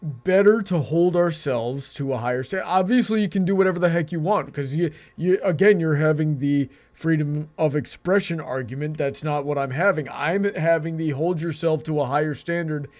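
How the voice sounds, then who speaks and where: A man's voice: on the high side, normal speed, a little mellow. A man hosting a casual debate, talking earnestly and restarting his sentences often. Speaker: debate show host.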